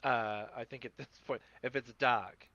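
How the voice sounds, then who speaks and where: Man, New Zealand accent, tabletop player, bright tone, hesitant. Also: mid-range voice, steady tone, unhurried, no echo, muffled recording. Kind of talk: casual tabletop play.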